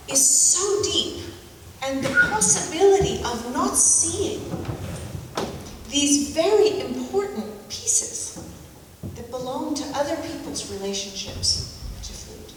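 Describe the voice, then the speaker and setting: At a forum, an American woman with a high, sing-song voice tells stories as a public talk. She sounds reflective and halting, repeating key phrases. The mic is far off in an echoey hall, with background noise.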